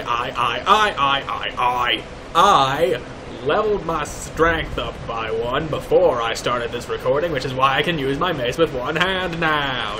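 A young man giving let's play commentary, mock-pompous and swearing, shouting insults at enemies. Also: medium pitch. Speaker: gaming YouTuber.

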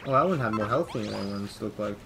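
A man's voice: lowish voice, expressive, quick pace, gravelly, background noise. A man hosting a let's play, talking through casual gameplay commentary and mumbling to himself as he reads game text aloud.

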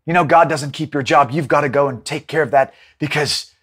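A man doing a low sly tempting devil. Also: fairly quick, a bit bright, slightly rough. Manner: coaxing, wheedling.

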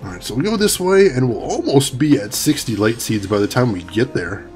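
Man, gaming streamer, casual let's-play chat, animated pitch, laughs a lot. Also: fairly quick, faint music behind. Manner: chatty, reads chat aloud, laughs often.

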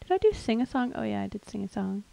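A woman's voice: mid-range voice, big pitch swings, quick pace, vocal fry, no room sound, poor audio. A woman hosting a music livestream, chatting casually and rambling between songs with a tired voice. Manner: chatty, rambling, soft and laughing.

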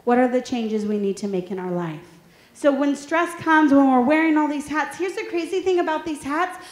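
A woman's voice: high voice, moderate pace. A woman in her thirties presenting a workshop, telling funny stories and asking the audience questions. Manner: lively storytelling, asks the audience questions. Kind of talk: humorous motivational talk to an audience. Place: large room with an audience. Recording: echoey room.

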